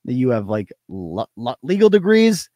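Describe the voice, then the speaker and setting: A man's voice: medium pitch, very animated, moderate pace, dark tone, no room sound, clean studio sound. A man with a Boston accent hosting a livestream talk show, ranting in a mocking, combative and profane way. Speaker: podcast host.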